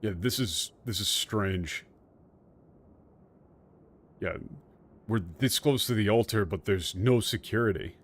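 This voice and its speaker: A man streaming a game, casually explaining the translation in an animated, profane way. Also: fairly low pitch, slow pace, long pauses.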